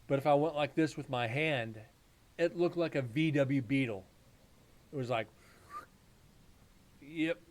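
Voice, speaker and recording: A man's voice: mid-range voice, moderate pace. A man hosting a live paranormal stream, telling rambling, profane stories in casual chat.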